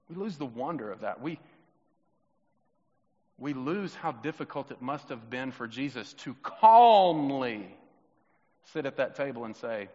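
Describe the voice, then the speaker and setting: A man preaching a sermon as pastor in a church, swinging from loud, emphatic questions to soft, hushed reflection and acting out the voices of the people he quotes. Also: on the high side, lively intonation, measured pace, pauses often. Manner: acts out quoted voices of Jesus, children and himself. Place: church sanctuary. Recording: muffled sound with long hall reverb.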